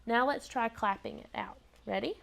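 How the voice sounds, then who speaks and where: Woman kindergarten teacher, kinda high voice, patient and encouraging, classroom. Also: moderate pace, creaky, very noisy. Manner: patient, encouraging, asks many prompting questions. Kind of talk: teaching a class of young children.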